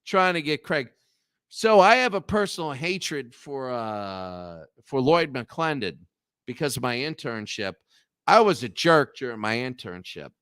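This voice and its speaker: A man from Appalachia hosting a show, telling rambling, profane stories and loudly acting out the people he quotes. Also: mid-range voice, clean tone, no room sound, studio quality. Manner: digressive, profane, acts out quoted voices loudly. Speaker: show host. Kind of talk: rambling storytelling.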